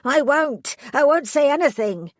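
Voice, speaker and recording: A woman's voice: medium pitch, measured pace, no room sound, clean studio sound, lightly acted. A woman voicing a terrified male prisoner who screams, pleads and snarls, his voice shaking. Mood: panicked.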